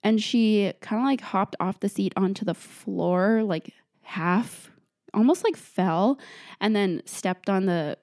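A woman's voice: medium pitch, slow, a little mellow, dry recording, clean studio sound. A young woman hosting her show, telling a story casually with lots of "like" fillers and frequent laughs. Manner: chatty, full of "like" fillers, laughs often. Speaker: host.

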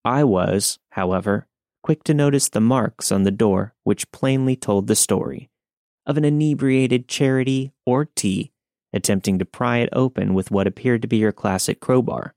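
A man narrating a scary true story in a steady scripted read. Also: medium pitch, moderate pace, no echo, clean studio sound.

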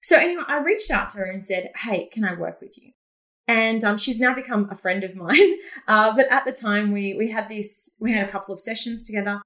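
Energetic woman with a Queensland accent. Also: medium pitch, fairly quick. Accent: Queensland Australian. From Australia. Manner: energetic storyteller who laughs often. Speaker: podcast guest, business coach. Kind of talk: casual interview chat.

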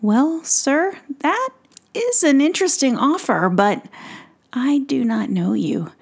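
A woman voicing a polite, bewildered fairy queen in a soft whispered role-play. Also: high voice, big pitch swings, slow pace, gravelly, pitched above the performer's own voice, exaggerated voice. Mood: gracious. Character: lost gentle fairy queen, young woman.

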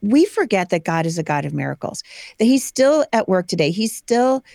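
A woman in her forties, a guest telling personal stories with lively energy and acted-out voices. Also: medium pitch, normal speed, vocal fry, dry recording, studio quality. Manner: animated storyteller acting out quoted voices. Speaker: guest, homeschooling mother. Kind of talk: personal storytelling in conversation.

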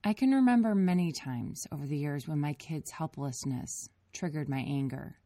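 A woman's voice: low voice, expressive, moderate pace, dark tone, no room sound, studio quality. A mother reading her own memoir aloud in an earnest, reflective storytelling manner. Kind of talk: memoir audiobook narration.

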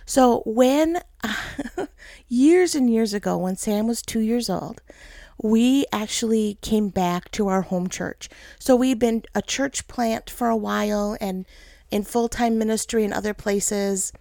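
A pastor's wife in her thirties gives a heartfelt, personal sermon, speaking directly to her listeners as "guys." She is earnest, emotional and tearful, her slightly high voice slow and mellow with gravelly fry. The recording is dry and close, with almost no room echo.

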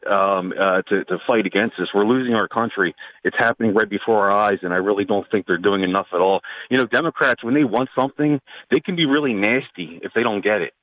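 A man's voice: fairly low pitch, no echo. A man calling in to a talk radio show, speaking earnestly with some filler words. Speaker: caller. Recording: tinny phone line.

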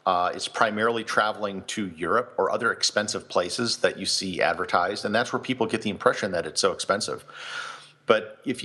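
A man with a fairly low but bright, forward voice explains things in a matter-of-fact way. He talks casually, as in an interview.

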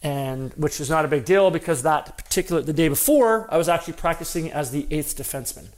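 A former hockey player, a man with a fairly high voice who talks fast, tells a story in a casual, rambling way. He's self-deprecating and uses frequent fillers and restarts.

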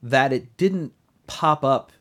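A man's voice: medium pitch, takes it slowly. A man hosting a casual chat, talking in long rambling runs full of restarts and asides. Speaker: podcast host.

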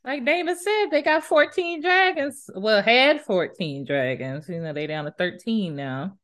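Co-host, woman, wry quick asides, lively intonation. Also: mid-range voice. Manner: wry, brief interjections. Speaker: podcast co-host. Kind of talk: casual chat.

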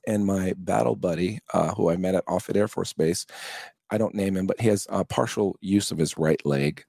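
A low-pitched man in his fifties with a gravelly edge, talking in a relaxed interview. He tells his story with animation, laughs easily and sounds dry and close to the mic. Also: moderate pace, dry recording. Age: 50s. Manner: animated, acts out quoted voices, laughs often. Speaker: guest, charity co-founder.

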